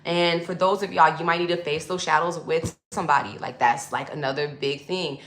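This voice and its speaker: A woman's voice: low-pitched, steady tone, fairly quick, fairly bright tone. A woman speaking as a spiritual coach in a loose, casual monologue to viewers. She uses lots of fillers and calls her listeners y'all. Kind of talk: casual teaching monologue to camera. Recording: echoey room.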